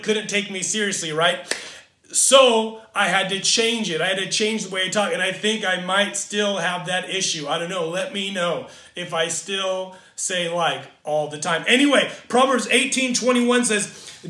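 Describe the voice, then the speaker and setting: A man's voice: sits high, bright, forceful tone, echoey room. A man from Southern California preaching a sermon as pastor, earnest, often repeating and restarting phrases. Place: church in Pacific Northwest.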